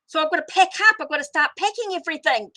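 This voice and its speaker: A woman's voice: high voice, lively intonation, quick pace, bright, forceful tone. A middle-aged woman hosting a casual live tarot stream, rambling as she greets viewers and answers their comments. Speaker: tarot reader hosting a livestream.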